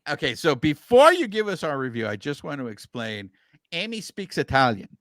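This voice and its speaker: Lively, animated podcast host man. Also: fairly high pitch, normal speed, no room sound, clean studio sound. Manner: animated, explains at length with filler words. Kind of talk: casual podcast chat.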